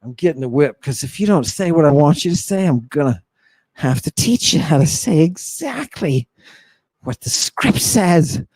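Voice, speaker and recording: Male host, theatrical preacher-like lecturer, slow delivery, dry booth sound. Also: fairly high pitch, very animated, a little mellow, breathy edge, dry recording. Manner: slow and emphatic. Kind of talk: livestream lecture to viewers.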